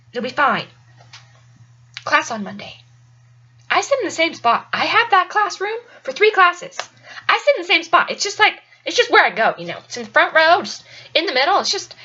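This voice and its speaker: A woman's voice: very high voice, pushed and bright, muffled recording. A young woman telling a casual personal story in a chatty, rambling way with lots of fillers. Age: young adult. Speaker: college student storyteller.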